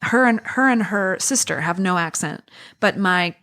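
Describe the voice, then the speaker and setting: A woman's voice: mid-range voice, animated, normal speed, a bit bright. A woman guest on a podcast, chatting casually and animatedly, slipping into quoted voices as she tells stories. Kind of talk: casual chat.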